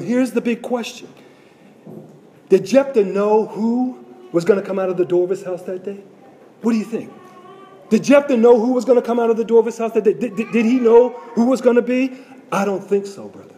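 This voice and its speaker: A man's voice: sits high, dark tone. A man preaching a sermon to his congregation, repeating phrases and asking rhetorical questions.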